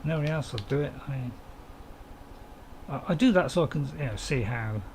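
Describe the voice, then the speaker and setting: A man's voice: medium pitch, expressive, brisk, a little mellow, slight background noise. A man, casually commenting on a farming game while streaming and chatting to viewers in a rambling, self-mocking way.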